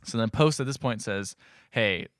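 A man co-hosting a podcast, retelling a movie plot in casual chat, slipping into quick character voices, laughing and swearing. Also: fairly low pitch, fairly bright tone, dry recording, studio quality. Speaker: podcast co-host.

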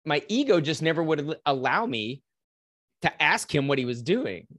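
Man, podcast guest, energetic motivational storyteller, casual and blunt. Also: fairly high pitch, normal speed. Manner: animated, casual, swears, mimics voices in anecdotes.

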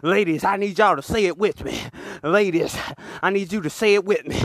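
A man's voice: high voice, moderate pace, creaky, hardly any pauses, a bit bright, dry recording. A man delivering a comedic mock sermon on a clip-on mic, with a preacher's rhythm and call-and-response to the listeners, laughing often. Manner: laughs often between lines.

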